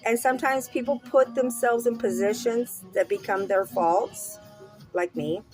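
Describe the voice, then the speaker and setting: A woman talking candidly to camera in a rambling, profane way, swinging from mumbles to loud outbursts. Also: a little high, unhurried, soft background music. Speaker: vlogger.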